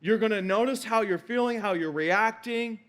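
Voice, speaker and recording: A man's voice: high-pitched, normal speed, fairly bright tone. A man pastor preaching a sermon, quoting scripture and repeating key points for emphasis.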